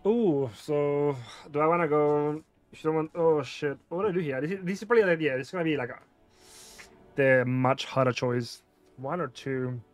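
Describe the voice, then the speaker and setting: A man's voice: fairly high pitch, moderate pace. Casual man thinking aloud while gaming. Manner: casual, thinks aloud, reads dialog choices. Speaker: gameplay streamer. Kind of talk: casual let's-play commentary.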